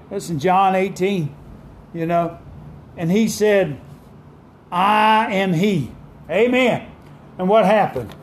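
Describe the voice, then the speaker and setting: A man preaching a sermon with fervent call-and-response delivery, dramatic pauses and emphatic scripture quotes. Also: sits high, slight background noise.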